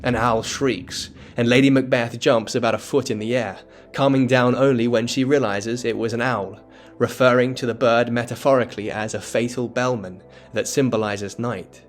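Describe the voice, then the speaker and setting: A man giving scripted educational narration that explains a play, in a measured, dramatic storytelling tone. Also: mid-range voice, fairly even intonation, faint music behind. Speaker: literature explainer.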